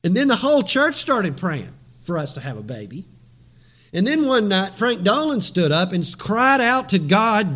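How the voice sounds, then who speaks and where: A high-pitched middle-aged man preaching a sermon. He tells stories with animation, dropping into soft asides and rising into loud, pleading lines. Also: animated, moderate pace. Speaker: pastor.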